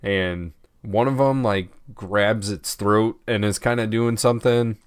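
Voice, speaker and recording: A man with a lowish, smooth voice co-hosting a casual podcast, swearing freely as he recaps scenes and acts out lines. He is close on the mic in a dry space with no echo. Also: steady tone, unhurried. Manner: swears a lot, retells scenes with acted-out lines. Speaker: podcast co-host. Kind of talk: casual chat.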